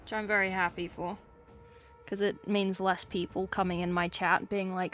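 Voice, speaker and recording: A woman's voice: medium pitch, flat delivery, moderate pace, a bit bright. A young English woman chatting casually with her livestream chat while painting, wry and talkative. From England. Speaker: streamer painting miniatures. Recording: faint music behind.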